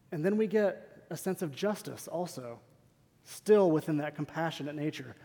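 A man's voice: on the high side, normal speed, mellow. A man preaching a sermon in a church, earnest and emphatic, asking rhetorical questions of the congregation. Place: church sanctuary. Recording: long hall reverb.

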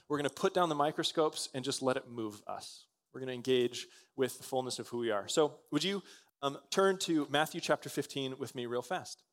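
A man preaching a sermon in a conversational way, with frequent restarts and quick "right?" asides. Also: fairly high pitch, fairly bright tone. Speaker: pastor.

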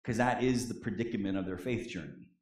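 A man preaching a sermon as a prison chaplain, moving between loud declarations and soft, quiet drops, in a church. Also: lowish voice, fairly quick. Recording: echoey room.

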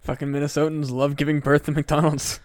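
A man co-hosting a casual comedy podcast, with a fairly high voice. He keeps his lines short, jumping in with crude jokes. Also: little pitch movement, a little mellow, dry recording, studio quality. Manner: quick, crude quips. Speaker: podcast co-host.

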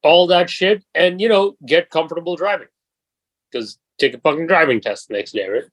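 A man's voice: fairly high pitch, brisk, dry recording, poor audio. Twenty-something guy on a podcast, telling a story full of swearing, dry close sound. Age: 20s. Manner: profane, animated anecdote telling. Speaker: podcast host. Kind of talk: casual storytelling chat.

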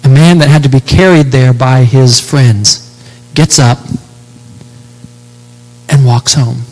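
A man preaching a sermon, expounding scripture with rhetorical questions and slowing down to stress key words. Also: medium pitch, a little mellow. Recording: long hall reverb.

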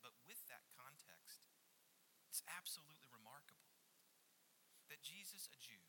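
Pastor, male, preaching; bright, cutting tone, hushed asides; light hiss. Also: medium pitch, poor audio. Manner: expressive preaching, swinging from loud emphasis to hushed near-whispers. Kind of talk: sermon.

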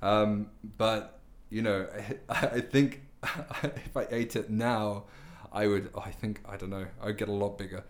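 A man's voice: lowish voice, steady tone, unhurried. A British man chatting casually as a guest, wry and self-deprecating. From United Kingdom. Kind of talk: casual chat.

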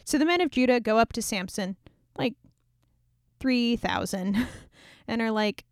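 A woman's voice: fairly high pitch, expressive, unhurried, long pauses, no echo, studio quality. A young woman casually retelling an old scripture story in a chatty, irreverent way, full of sarcastic asides.

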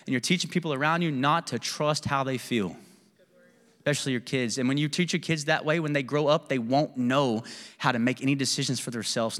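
A man's voice: a little high, fairly bright tone, big-room sound. A man preaching a sermon as pastor, candid and self-deprecating in a conversational way. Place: church sanctuary.

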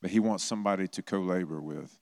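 Relaxed preacher with a low, dry voice. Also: male voice, fast talker, no room sound. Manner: conversational, acts out quoted voices, self-deprecating humor. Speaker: pastor. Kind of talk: sermon.

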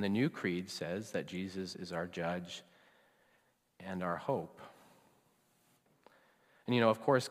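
A man preaching a sermon as pastor, conversational, often trailing off soft and low at the ends of phrases. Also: long reverb tail.

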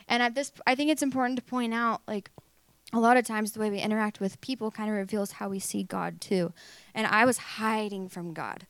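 A woman's voice: mid-range voice, moderate pace, clear, resonant tone, no room sound. A young woman sharing a personal testimony in a candid, filler-heavy way, acting out what people said. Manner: candid, filler-heavy storytelling with acted-out quotes. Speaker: speaker sharing her faith story.

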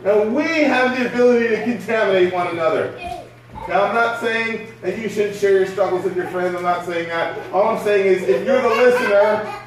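A man with a high voice preaches a sermon in a loose, conversational way and keeps asking his listeners questions. He is picked up from far off in a strongly echoing church hall. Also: normal speed. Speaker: pastor.

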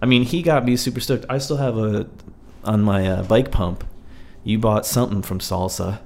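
A man's voice: lowish voice, moderate pace, creaky, a little mellow. A man hosting a podcast in casual chat, telling loose stories and swearing freely. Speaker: podcast host.

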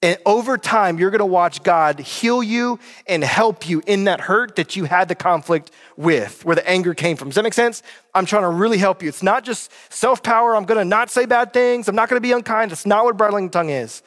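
A man's voice: high-pitched, normal speed, fairly bright tone. A male pastor from North Carolina preaching a sermon in a conversational way, often checking in with his listeners. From North Carolina, USA. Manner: conversational, addresses listeners directly with frequent check-in questions. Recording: long hall reverb.

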